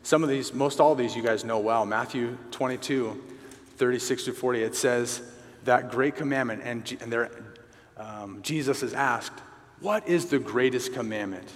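A man's voice: mid-range voice, fairly even intonation, normal speed. A man preaching a sermon to a men's group, earnest and conversational, repeating key phrases for emphasis. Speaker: pastor at a men's gathering. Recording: reverberant hall.

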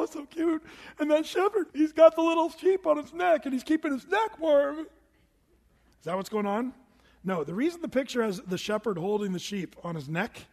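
A man preaching a sermon to a congregation, telling stories in a conversational way and asking them questions. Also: high-pitched. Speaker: pastor. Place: church hall with congregation. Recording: long hall reverb from a church room.

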